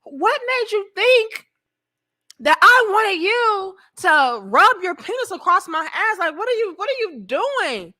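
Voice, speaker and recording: Woman doing a high, sharp-edged fake-innocent girl with overdone gasps. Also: big pitch swings, unhurried, exaggerated voice. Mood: mock outrage. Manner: mock-innocent, exaggerated gasps. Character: fake-innocent young woman, shrill and coy.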